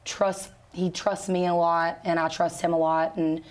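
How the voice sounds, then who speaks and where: A woman singer being interviewed, talking in a relaxed, chatty way with easy laughs and plenty of fillers. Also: lowish voice, measured pace. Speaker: country singer and guest. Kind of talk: casual interview chat.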